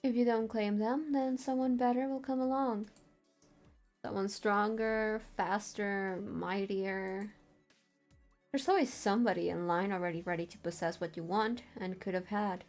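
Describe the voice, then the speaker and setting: A woman's voice: mid-range voice, fairly even intonation, measured pace, a little mellow, faint music behind, lightly acted. Gal reading out a smug pushy guy from a dating game, teasing, flirty, possessive. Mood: ominous.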